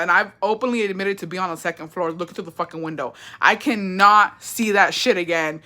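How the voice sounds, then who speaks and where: A young woman hosting a livestream, chatting casually and reading comments. She is animated, sassy and swears often. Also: mid-range voice, fairly quick, few pauses. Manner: animated, profane, sassy, reads chat aloud. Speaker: livestream host.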